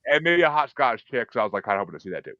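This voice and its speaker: A man hosting a podcast in casual chat, telling stories in a profane, animated way and acting out his own reactions. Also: medium pitch, rapid-fire, dry recording. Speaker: podcast host. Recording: dull, dry lo-fi sound.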